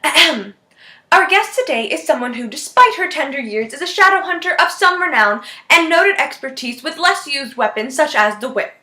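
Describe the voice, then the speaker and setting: A woman's voice: high voice, lively intonation, moderate pace, bright, forceful tone, reverberant. A woman voicing a stern female academy dean, in a put-on Scottish accent and a formal announcing manner.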